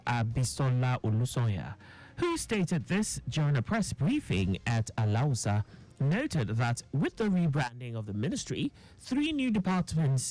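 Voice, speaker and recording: A newsreader, reading a radio news bulletin in a formal, measured way. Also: medium pitch, rough recording. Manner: formal, measured read with lively intonation.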